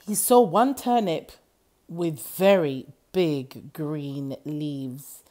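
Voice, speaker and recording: A woman reading a children's story aloud in an animated storytelling voice. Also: low-pitched. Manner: slow, lively, animated reading.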